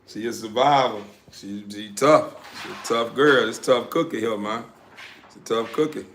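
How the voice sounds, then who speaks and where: Indoors among his dogs, a male breeder with a lowish, somewhat bright voice chats at a moderate pace during a live stream. He drawls easily, circles back to the same phrases, and sometimes barks a sharp shout at the dogs. There's echo in the room and a faint hum of noise.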